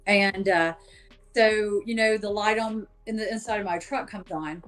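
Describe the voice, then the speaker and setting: A woman guest in a podcast interview tells her story casually, circling back with fillers. Her voice sits in an ordinary middle pitch. A faint wash of music plays underneath. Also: normal speed, a bit bright. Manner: chatty, many fillers, acts out quoted voices. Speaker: paranormal investigator guest.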